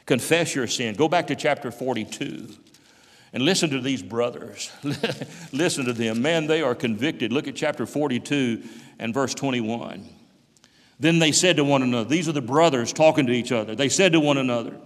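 A man preaching a sermon, impassioned, swinging from hushed passages to loud cries. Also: mid-range voice, animated, normal speed. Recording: long hall reverb.

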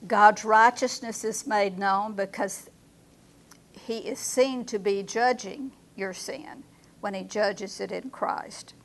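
A woman leading a Bible study class, reading verses slowly and asking her group questions. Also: mid-range voice, fairly even intonation.

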